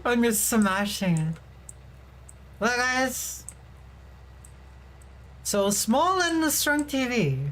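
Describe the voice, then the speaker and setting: A woman's voice: on the high side, animated, extremely slow, pauses often, a bit bright, poor audio. A young adult woman livestreaming as a VTuber, chatting casually and giggling as she reads and answers her viewers' messages.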